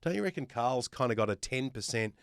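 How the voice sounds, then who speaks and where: Aussie guy guest hosting a podcast, emphatic, rattles off lists, smooth clear voice, dry close mic. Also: mid-range voice, expressive, a little fast, a bit bright, dry recording. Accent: Australian. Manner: emphatic, builds points with lists. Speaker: guest host. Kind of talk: casual podcast chat.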